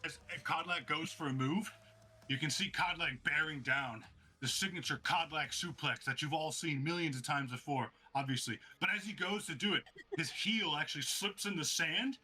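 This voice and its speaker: A man narrating a tabletop game as game master, excitable and vivid, like play-by-play. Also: a little high, moderate pace.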